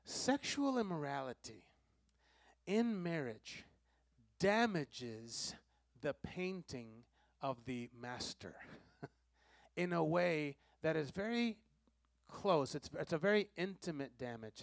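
A male pastor preaching in a high voice, drawing the congregation into call-and-response. He repeats key lines for weight and swings from loud, pressing emphasis to soft, low asides. The sound is dry and close, with almost no room. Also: lively intonation, slow, gravelly, pauses often, dry recording. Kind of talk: sermon.

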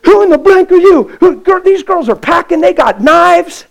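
A man acting out a tough streetwise woman who shouts in alarm as he retells a story in a sermon. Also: very high voice, lively intonation, moderate pace, gravelly, pitched above the performer's own voice, full character voice. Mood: alarmed shouting. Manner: shouting, swearing bleeped out.

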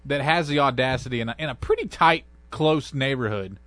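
A man in his thirties co-hosting a sports radio show in the studio, telling stories in a casual, animated way and acting out quotes. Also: medium pitch, fairly quick, no echo. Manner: animated storyteller, acts out quotes.

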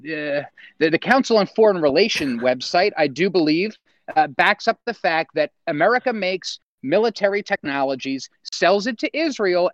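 A man's voice: sits high, fairly bright tone, dry recording. A man calling in while eating dinner, ranting in an agitated way. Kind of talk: casual call-in rant. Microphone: remote call audio. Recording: dull lo-fi call audio.

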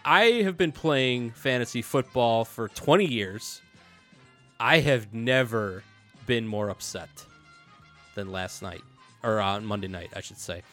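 A man hosting a casual fantasy football podcast, animated and laughing often, repeating himself as he talks. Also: medium pitch. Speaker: podcast host.

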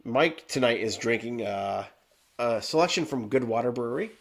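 A man's voice: mid-range voice, expressive, moderate pace. Brief: man, stuffy nose, podcast beer reviewer on a video call, meandering and full of fillers. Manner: rambling, many fillers and restarts. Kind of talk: casual chat.

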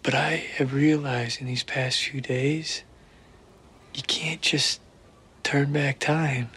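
A podcaster voicing a tender grown man who gently turns down an old friend in a low, half-whispered voice. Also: fairly even intonation, breathy edge, exaggerated voice. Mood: earnest. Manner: slow and earnest.

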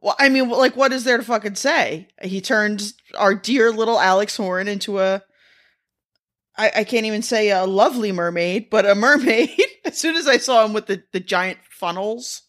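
A woman's voice: mid-range voice, normal speed, a bit bright. Woman, podcast co-host, dry wry humor, casual chat, laughs often.

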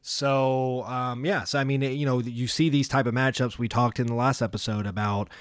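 A man's voice: mid-range voice, fairly even intonation, normal speed, clean tone, dry recording, clean studio sound. A man co-hosting a casual sports podcast, rambling with many fillers and restarts. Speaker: podcast co-host.

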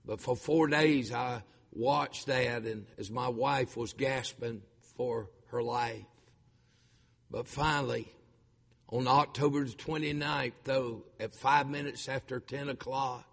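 A middle-aged man, preaching a sermon as a pastor, stammering and repeating himself, rising to shouts. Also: mid-range voice, gravelly, breathy edge, long reverb tail. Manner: impassioned preaching, shouting at peaks, stammered repetitions.

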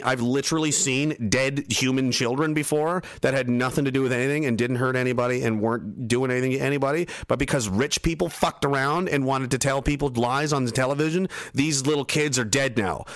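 A young man rants on a livestream, reading viewer messages aloud between bursts of angry, sarcastic swearing. His voice sits at an ordinary middle pitch. It is recorded close up on a desk mic in a dry room with no echo. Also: fairly bright tone. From Canada. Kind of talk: ranting livestream commentary.

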